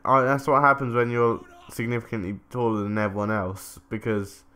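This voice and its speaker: Man, chatty rambling storyteller, bright forceful voice, gaming commentary. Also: medium pitch, little pitch movement, fairly quick, clean tone. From England. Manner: rambling, chatty, self-interrupting, swears casually. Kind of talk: casual gameplay commentary storytelling.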